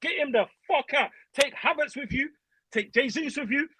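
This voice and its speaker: A man's voice: very high-pitched, moderate pace, sharp tone, slight background noise, rough recording. A young man, calling in as a fan and ranting angrily, swearing, in heavy slang. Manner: swearing, heated, uses slang. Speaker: caller. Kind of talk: angry fan rant.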